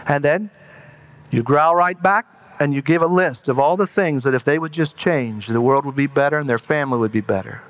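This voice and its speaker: A man preaching a sermon in an earnest way, slowing down and dropping to a hush for emphasis. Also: fairly high pitch.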